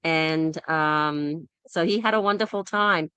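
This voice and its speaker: Bright-voiced woman telling a lively story. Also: sits low, slow, clean tone, no room sound. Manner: animated storyteller who acts out quoted people. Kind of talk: casual group discussion on a call. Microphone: online call.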